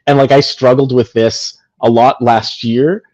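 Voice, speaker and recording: A man's voice: medium pitch, fairly even intonation, measured pace, a little mellow, highs cut off. A man who founded a product, talking earnestly and reflectively in a casual conversation and wandering through his thoughts. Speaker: founder being interviewed.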